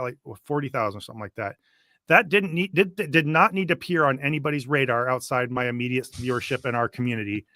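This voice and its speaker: A man hosting a casual reaction chat, talking in an animated, sarcastic way and laughing often. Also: mid-range voice, no room sound, clean studio sound. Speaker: host.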